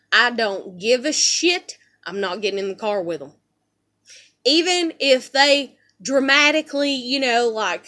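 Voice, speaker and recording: A woman's voice: medium pitch, sharp tone. A woman venting bitterly in a vlog, swearing heavily and rambling with lots of fillers. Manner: heavy swearing, rambling with "you know" fillers; bitter and heated. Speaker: vlogger. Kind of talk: angry personal rant.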